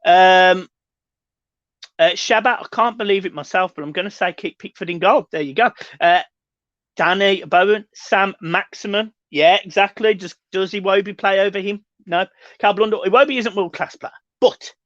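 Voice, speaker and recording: A young man hosts a fan livestream, reading chat comments with sweary, laddish humour. His voice sits fairly high. The sound is dry and a little muffled. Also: fairly bright tone, no room sound. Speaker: fan channel host reading live chat.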